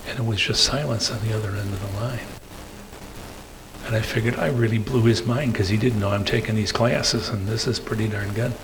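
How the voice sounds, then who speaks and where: An older man giving a rambling storytelling talk at a meeting, tagging his sentences with "okay?" and pausing on fillers. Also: fairly low pitch, fairly even intonation, noisy background. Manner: hesitant fillers between phrases. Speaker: guest speaker.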